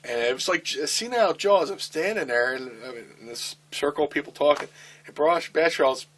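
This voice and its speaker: A middle-aged man telling a backstage story in a casual interview, animated and swearing, with halting restarts. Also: fairly high pitch, a little hiss or hum, poor audio. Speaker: interview guest, wrestler.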